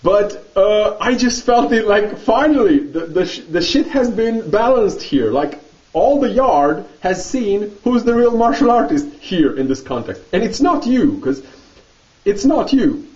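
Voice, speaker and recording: A man vlogging, telling a story in a casual, animated monologue and laughing often. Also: high-pitched, a little slow, distant mic, lo-fi sound.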